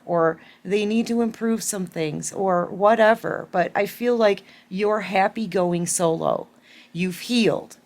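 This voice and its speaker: Woman tarot reader, unhurried, close to tears, repeats herself for emphasis. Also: fairly low pitch. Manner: emotional, tearful, repeats phrases for emphasis. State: holding back tears. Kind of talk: collective tarot reading to camera.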